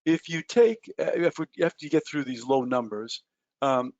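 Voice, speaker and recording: A man's voice: mid-range voice, moderate pace, darkish tone, no room sound, lo-fi sound. Chatty man teaching a trading webinar. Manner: loose and chatty, many ums and uhs, self-mocking jokes. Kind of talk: explaining at a whiteboard in a webinar.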